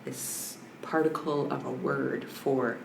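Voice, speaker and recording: A woman's voice: rumbling low, fairly even intonation, takes it slowly, creaky. A woman guest on a podcast, a language scholar, talking in a reflective, searching way with frequent restarts. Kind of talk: reflective conversational interview. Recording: roomy with faint background hiss.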